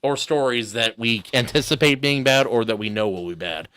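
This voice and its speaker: A man's voice: mid-range voice, normal speed, a bit bright, smooth, no room sound. A man hosting a casual stream chat over voice chat, rambling with restarts and easy laughs. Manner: chatty, restarts and trails off, laughs easily. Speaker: stream host.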